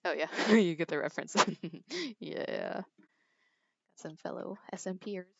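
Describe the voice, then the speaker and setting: A woman's voice: on the low side, measured pace, creaky, breathy edge, dry recording. Teen girl, casual gaming stream, rambling and giggly, lo-fi earbud mic. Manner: giggly, chatty, rambling storyteller. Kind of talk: casual chat while gaming. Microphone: earbud headset mic. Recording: dry, dull lo-fi earbud mic.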